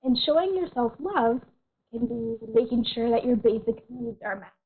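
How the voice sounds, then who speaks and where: A woman counselor giving an online workshop in a gentle, reassuring way, often clearing a tickle from her throat. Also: on the high side, animated, normal speed. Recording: tinny phone-like audio.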